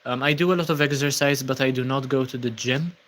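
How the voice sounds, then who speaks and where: This fast-talking young host from Malta reads viewer comments on a laid-back livestream, thanking people and dropping plenty of ums and uhs. His voice is medium in pitch.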